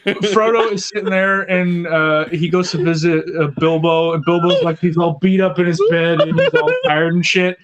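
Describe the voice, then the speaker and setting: A man in a casual podcast chat, animated, swearing and laughing a lot. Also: a little high, moderate pace, few pauses, highs cut off, background noise. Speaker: podcast co-host.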